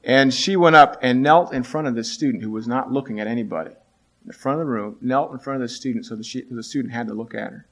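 A man's voice: mid-range voice, a bit bright. Earnest man telling a classroom story. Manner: earnest and halting, with many restarts, rising when he quotes students. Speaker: teacher. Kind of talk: storytelling talk.

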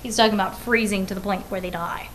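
A woman's voice: mid-range voice, fairly even intonation, fast talker, a little hiss or hum, rough recording. A woman reading a story aloud to children, with friendly conversational asides and questions to her listeners.

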